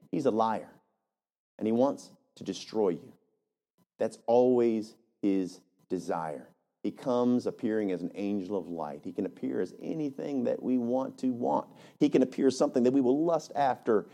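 A male pastor preaching a lively, conversational sermon, often checking in with "right?". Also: mid-range voice, moderate pace. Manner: animated, conversational, frequent "right?".

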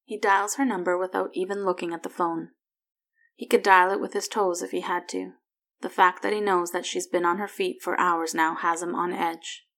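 A woman reads a story aloud in a slightly low voice. Her delivery is soft and even, sinking to a hush in quiet moments. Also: normal speed. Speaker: narrator. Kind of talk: fan fiction reading.

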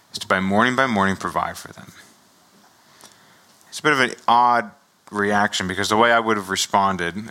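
Man, middle-aged, lower voice, bright tone, relaxed sermon, chatty with fillers. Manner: conversational, laughs often, many fillers and restarts. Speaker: preacher. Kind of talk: casual sermon with Bible reading.

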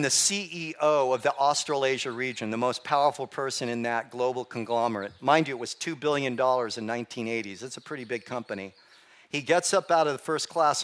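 A man giving a sermon, telling a personal story with lively emphasis and acting out dialogue. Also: mid-range voice. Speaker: preacher.

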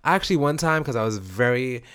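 A man, co-hosting a casual chat and telling stories in an animated, profane way. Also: mid-range voice, fast, clear, resonant tone.

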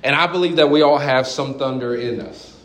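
A man's voice: medium pitch, fairly quick, reverberant, poor audio. A man preaching a sermon, telling stories with humor and acting out quoted lines. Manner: animated storytelling with jokes and acted-out quotes. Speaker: pastor.

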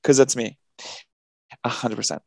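A man's voice: mid-range voice, steady tone, moderate pace, creaky, dark tone, no room sound. A young man co-hosting a podcast, rambling casually with plenty of swearing and laughter. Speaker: podcast co-host. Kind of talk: casual chat.

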